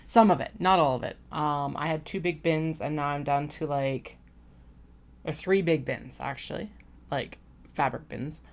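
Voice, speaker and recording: Low-voiced chatty Western Canadian woman. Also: a little slow. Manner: rambling, chatty, frequent fillers and uptalk. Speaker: sewing livestream host. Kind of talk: casual livestream chat.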